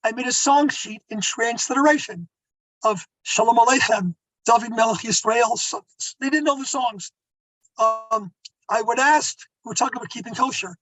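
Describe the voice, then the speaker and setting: Older rabbi telling stories, dry close sound. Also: male voice, very high voice, normal speed, bright, forceful tone, no room sound, poor audio. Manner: anecdotal, conversational, asides to the audience. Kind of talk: storytelling talk.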